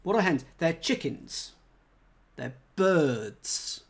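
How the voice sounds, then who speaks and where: A man's voice: a little high, big pitch swings, very slow, husky. A man thinking aloud as he solves a cryptic crossword live, chatting with viewers and laughing at himself. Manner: chatty, reads chat aloud, self-mocking laughs.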